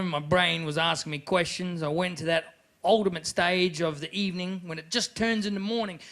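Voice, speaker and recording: A man performing a stand-up comedy set at a live show, telling stories with swearing and shouted rants. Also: sits high. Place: live venue with audience.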